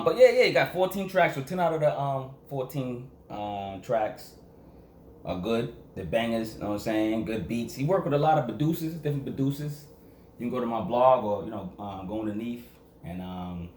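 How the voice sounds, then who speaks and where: A man's voice: mid-range voice, a little hiss or hum. A young man from Massachusetts reviewing an album in a casual, rambling vlog, full of slang and filler phrases. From Quincy, Massachusetts. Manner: rambling, slangy, full of fillers and "you know what I'm saying". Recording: echoey room.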